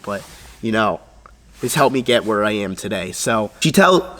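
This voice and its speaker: Young man telling a wild story, echoey room. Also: medium pitch. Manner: animated, profane, acts out quoted voices. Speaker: vlogger. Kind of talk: casual storytelling.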